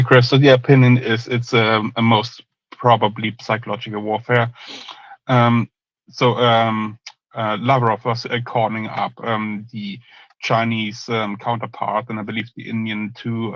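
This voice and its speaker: Male host, live online Q&A, halting with lots of ums, flat monotone, dull lo-fi sound. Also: medium pitch, no echo. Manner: halting, many ums and restarts. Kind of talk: live audio chat Q&A.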